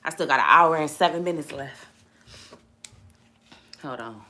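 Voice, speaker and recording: A woman in a casual vlog, talking emphatically about faith in an animated, preachy way. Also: deep voice, measured pace. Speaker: vlogger.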